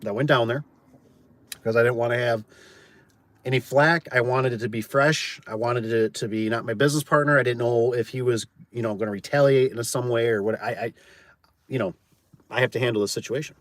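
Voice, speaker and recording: A man's voice: medium pitch, steady tone, brisk, fairly bright tone, dry recording. Chatty man telling a work story. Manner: chatty, tosses in "like" and "right?", acts out quoted voices. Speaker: garage door business owner. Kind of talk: casual storytelling.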